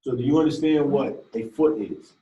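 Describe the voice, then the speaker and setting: A male teacher lectures in a classroom, talking in an easy, conversational way and often putting questions to his students. His voice sits at an ordinary middle pitch. The camera is far across the room, so the sound comes through distant and echoey. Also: normal speed, dark tone, highs cut off.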